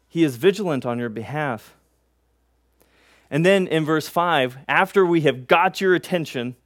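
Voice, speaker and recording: A man preaches on a scripture passage in a teaching manner, unpacking each word and asking his listeners "right?" as he goes. His voice sits a little higher than most men's. The sound is close and dry, with no room echo. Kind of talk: expository sermon.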